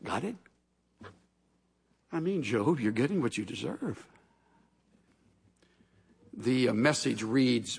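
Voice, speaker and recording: A man's voice: mid-range voice, animated, takes it slowly, vocal fry, long pauses, slightly rough. A man preaching a sermon in a large hall, telling stories with animation and acting out voices from scripture. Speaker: pastor. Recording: long hall reverb.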